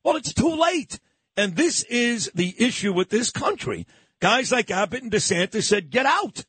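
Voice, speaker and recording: Fired-up husky male radio host. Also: sits high, big pitch swings, moderate pace, a bit bright, no room sound. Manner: fired-up, ranting. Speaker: radio talk show host. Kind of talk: opinionated morning radio talk. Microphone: studio microphone.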